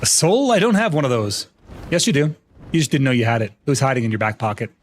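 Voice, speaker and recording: A man's voice: medium pitch, sing-song, fast talker, a little hiss or hum. A man streaming live, chatting casually and joking playfully with his chat.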